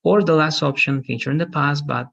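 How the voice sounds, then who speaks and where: A man leads an online English lesson, walking his students patiently through each step. His voice is husky, and the video call audio sounds dull and muffled. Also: fairly high pitch, fairly quick, a bit bright. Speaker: English teacher. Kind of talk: online class instruction.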